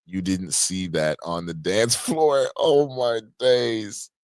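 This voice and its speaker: A man's voice: lowish voice, sing-song, takes it slowly, a little mellow, clear, resonant tone, no room sound. A man hosting a livestream podcast from a home podcast room, chatting loosely and jokingly with slang. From Canada. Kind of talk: casual livestream chat.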